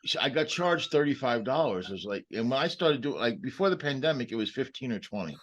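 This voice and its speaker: A man's voice: medium pitch, big pitch swings, fast, a bit bright. A man in his sixties, a podcast co-host, telling a story in casual chat, swearing freely. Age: 60s.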